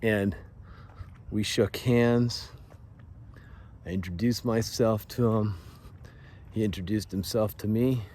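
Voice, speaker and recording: A man in his forties telling a personal story in a casual, confessional way, earnest and halting, often restarting his sentences. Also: lowish voice, steady tone, a little mellow, slight background noise. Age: 40s. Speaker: vlogger sharing a personal story.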